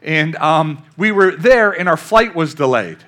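Older male pastor, high bright voice, animated storytelling sermon. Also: measured pace. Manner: storytelling, animated, calls out to the congregation.

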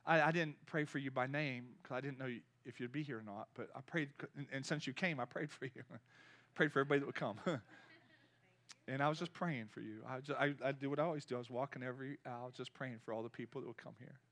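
A man in his fifties preaching a sermon with energy, swinging between loud exhortation and quiet storytelling. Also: medium pitch, fast talker. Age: 50s. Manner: energetic preaching, rising loud then dropping to soft storytelling. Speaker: pastor.

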